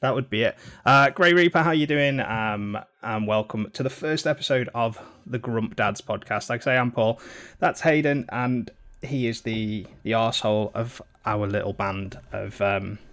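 A man's voice: medium pitch, normal speed, few pauses, fairly bright tone. A man co-hosting a casual podcast, rambling and swearing, laughing often. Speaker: podcast co-host. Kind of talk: casual chat.

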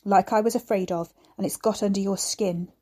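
A woman voicing a frail, bedridden old man who croaks and wheezes and scolds with a sharp tongue. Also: mid-range voice, fairly even intonation, a little fast, close to an everyday voice. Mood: urgent.

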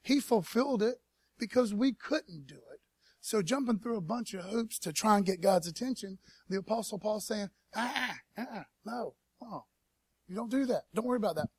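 A pastor preaching a casual sermon at a church service, in a laid-back, slangy way and calling on the congregation to respond. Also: male voice, high voice, no room sound. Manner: laid-back slangy preaching, peppered with "man" and "you know what I mean"; calls for audience response.

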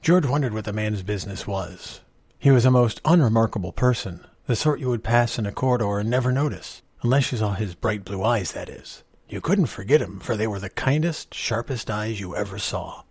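A man reading a short story aloud in a measured, expressive way, with a husky voice. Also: on the low side, no echo.

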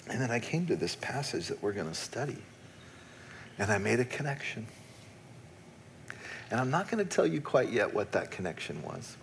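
A man's voice: on the low side, a bit bright, slight background noise. A middle-aged man, a pastor, preaching a sermon and telling a personal story in a candid, self-deprecating way, often laughing at himself.

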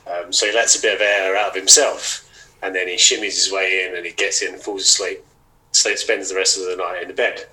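A fairly low-pitched English man with a bright, forceful tone. He hosts a casual chat and tells his stories in a relaxed, drawn-out way. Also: poor audio. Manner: relaxed storyteller, retells jokes at length. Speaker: podcast host.

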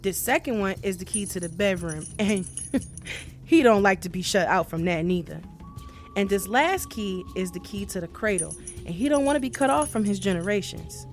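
A woman's voice: mid-range voice, lively intonation, moderate pace, soft background music, lightly acted. Woman voicing scheming devil, sly, coaxing, folksy. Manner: coaxing, confiding.

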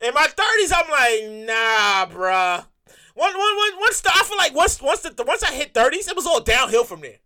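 A woman's voice: high-pitched, fairly quick, few pauses. A woman in her thirties doing a profane comedy rant, repeating herself and slipping into mock voices. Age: 30s. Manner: profane, repetitive, animated ranting with mock voices. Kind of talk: stand-up style comic rant.

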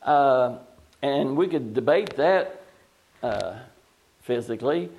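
A man teaching a Bible study in a folksy, halting way, reading scripture slowly. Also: medium pitch, animated, creaky, darkish tone. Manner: folksy, plain-spoken and halting.

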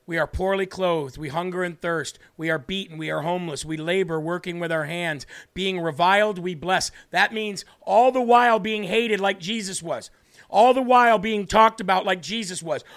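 High-voiced earnest preaching man. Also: fairly bright tone. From northern United States. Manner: earnest, emphatic, reads scripture slowly. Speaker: host and preacher. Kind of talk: livestream Bible teaching.

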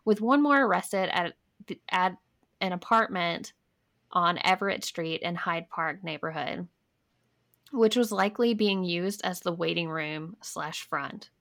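A woman's voice: on the low side, measured pace, creaky, a bit bright. A young woman co-hosting a podcast, reading history notes aloud in a casual way and stopping for wry asides. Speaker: podcast co-host.

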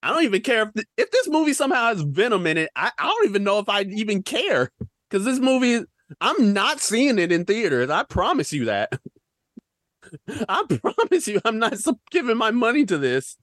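Animated ranting man, very lively pitch. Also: normal speed, no echo, studio quality. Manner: animated, ranting, rhetorical questions, slang-heavy. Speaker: podcast co-host. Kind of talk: casual film-review rant.

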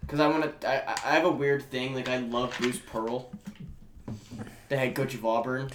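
Brief: young male co-host, excitable banter, roomy echo with background noise. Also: mid-range voice, moderate pace. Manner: excitable, laughing, teasing. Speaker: podcast co-host. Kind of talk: casual sports chat. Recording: echoey room with background noise.

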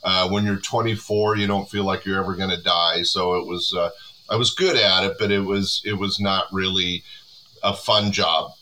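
Bright low-voiced older male guest. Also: moderate pace, a little hiss or hum, rough recording. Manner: relaxed, rambling with fillers. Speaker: guest, comedy club owner. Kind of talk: casual interview chat.

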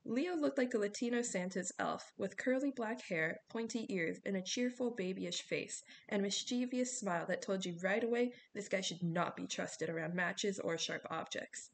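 A woman reading a novel aloud in steady scripted narration. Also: medium pitch, normal speed, vocal fry, few pauses, slight background noise. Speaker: audiobook reader.

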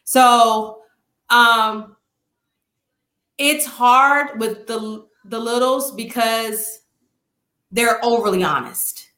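A woman teacher of young children talking casually and quickly in a panel conversation. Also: fairly high pitch, pushed and bright. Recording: echoey room.

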